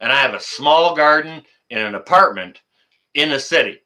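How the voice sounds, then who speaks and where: A man from Canada hosting a live stream and taking calls, chatting casually with excited outbursts and lots of filler words. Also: mid-range voice, moderate pace. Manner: excitable, loud exclamations, many fillers. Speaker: livestream host.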